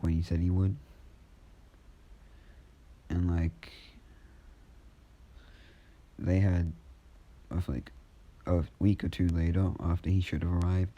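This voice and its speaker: A man's voice: deep voice, dark tone, muffled recording. A man casually telling an improvised fan story, rambling with many fillers.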